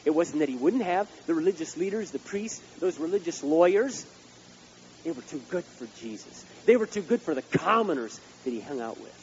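A male pastor preaching a sermon, swinging between loud outbursts and hushed asides. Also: fairly high pitch, expressive, moderate pace, lo-fi sound, a little hiss or hum.

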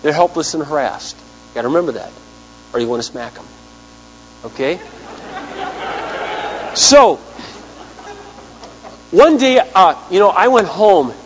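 A man preaching a sermon, telling a story in an animated way and acting out the people he quotes. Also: sits high, a little slow, long pauses. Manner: animated storyteller, acts out quotes, big swings in loudness. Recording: hum with long hall reverb.

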